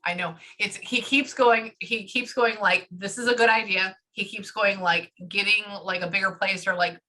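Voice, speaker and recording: A woman working as a psychic medium, talking fast and casually through a live reading and swearing freely. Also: medium pitch, fairly even intonation, bright, forceful tone. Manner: rapid, chatty, swears casually.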